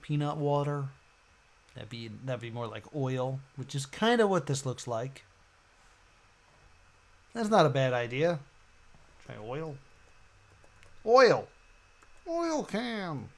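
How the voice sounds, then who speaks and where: Male streamer, musing aloud at an unhurried pace with occasional excited bursts. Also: mid-range voice. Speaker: streamer playing a puzzle game. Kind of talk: thinking out loud while gaming.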